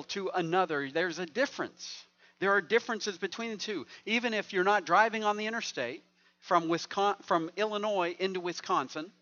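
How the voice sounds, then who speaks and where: Pastor guy preaching, kinda high voice, chatty and jokey, a bit muffled. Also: bright, forceful tone. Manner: conversational and joking. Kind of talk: sermon.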